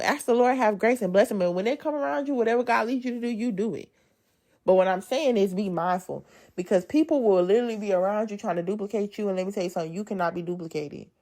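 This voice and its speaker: A woman gives an amped-up devotional testimony. She talks casually to her listeners as y'all and swings between loud emphasis and soft asides. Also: mid-range voice. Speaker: speaker giving a devotional testimony. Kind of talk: preachy devotional talk.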